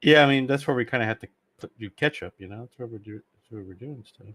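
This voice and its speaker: A man chatting as a player in a tabletop game, explaining things haltingly with lots of fillers. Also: mid-range voice, a bit bright, dry recording. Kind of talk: casual tabletop game chat.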